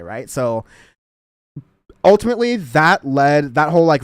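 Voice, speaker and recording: A man's voice: fairly high pitch, smooth, dry recording, studio quality. A man hosting a casual political commentary show, rambling and laughing as he talks. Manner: rambling, laughing, self-interrupting. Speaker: show host.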